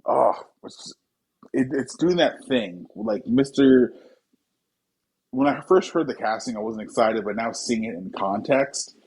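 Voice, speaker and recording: A man's voice: medium pitch, lively intonation, darkish tone, husky, low-quality recording. A man co-hosting a casual movie podcast, thinking aloud and restarting his sentences as he goes. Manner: thoughtful, halting, many restarts. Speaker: podcast co-host. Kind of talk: casual chat.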